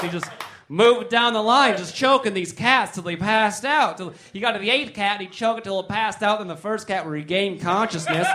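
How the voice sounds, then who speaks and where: A man's voice: high-pitched, pushed and bright. A man doing stand-up comedy, rambling, joking and talking with the crowd.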